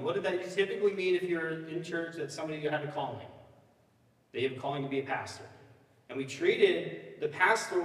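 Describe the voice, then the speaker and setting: Casual joking pastor in an echoey church hall. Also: male voice, a little high, distant mic. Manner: casual, joking, often asks the crowd "you know what I mean?". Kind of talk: sermon with personal storytelling. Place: church sanctuary.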